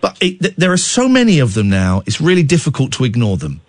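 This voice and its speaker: A man's voice: medium pitch, wildly swooping pitch, fast, dry recording. A male radio host on a late-night phone-in show, playful with callers and then candid and reflective. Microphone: studio microphone.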